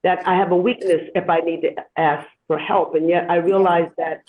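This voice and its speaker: A woman guest and caregiver, speaking slowly and reflectively in a heartfelt podcast conversation over a remote call. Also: fairly low pitch, steady tone, a little hiss or hum. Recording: tinny phone-like line.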